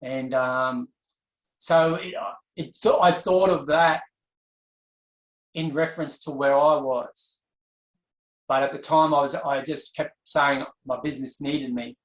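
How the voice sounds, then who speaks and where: A man's voice: fairly high pitch, fairly even intonation. Earnest man in echoey room. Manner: earnest, reflective, halting with restarts. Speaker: interview guest. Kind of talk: candid personal storytelling.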